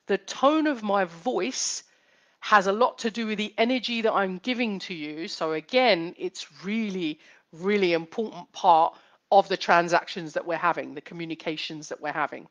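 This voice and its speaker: A woman psychotherapist hosting a live stream, explaining step by step, repeating key points and asking rhetorical questions. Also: mid-range voice. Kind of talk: live-streamed teaching talk.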